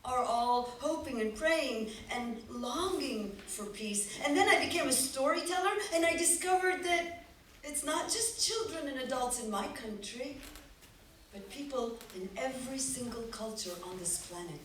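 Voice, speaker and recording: Woman storyteller, live audience, expressive and playful, lively pitch, slow pace, echoey hall, distant mic. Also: slight background noise. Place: festival stage before a live audience.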